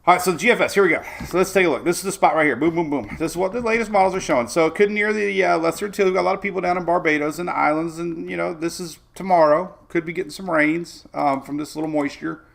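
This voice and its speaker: A man's voice: on the high side, quick pace, vocal fry, hardly any pauses, a bit bright. A man hosting a casual weather talk, walking loosely through forecast maps with playful asides and plenty of fillers. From Florida. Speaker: weather host.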